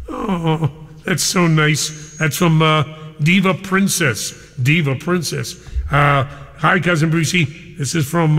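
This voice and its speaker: A man's voice: a little high, fairly bright tone, long reverb tail. Exuberant older man hosting a radio show. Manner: exuberant, effusive, reads listener emails aloud. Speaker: radio DJ host.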